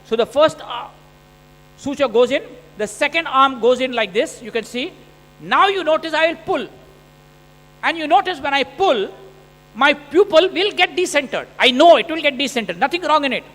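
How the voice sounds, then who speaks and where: A man, an eye surgeon giving an animated, joking conference lecture over surgical video and asking the audience "okay?" again and again. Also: very high-pitched, normal speed. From India. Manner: animated, joking, first-person narration with frequent "okay?". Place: large conference hall. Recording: reverberant lecture hall.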